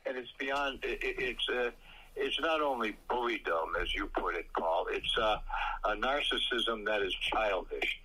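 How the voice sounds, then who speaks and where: A man's voice: on the low side, lively intonation, a little slow, sharp tone, breathy edge, rough recording. A man in a casual political chat on the radio, speaking hesitantly with frequent fillers, then pressing his points emphatically.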